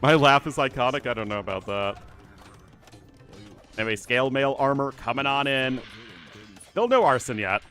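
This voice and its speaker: A man's voice: medium pitch, animated, normal speed, pauses often, a bit bright, faint music behind. A man with a General American accent casting a live strategy game and chatting with viewers between plays. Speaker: esports caster.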